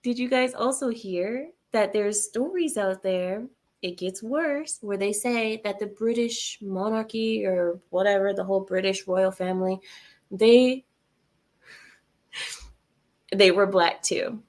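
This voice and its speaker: A woman's voice: medium pitch, slow pace, a little mellow. A woman hosting a livestream, reading viewer comments aloud and answering them in a sarcastic, laughing way. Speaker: livestream host reading chat.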